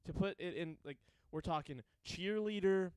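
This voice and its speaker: A man's voice: sits high, moderate pace, darkish tone, clean tone, no echo. A young man hosting a podcast, telling rambling, profane stories in casual chat and laughing often. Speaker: podcast host.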